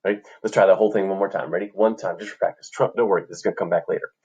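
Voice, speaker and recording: A man's voice: deep voice, steady tone, very fast, lo-fi sound, background noise. A man teaching an online music lesson to children, upbeat and encouraging as he chants rhythm syllables, recorded on a computer microphone indoors.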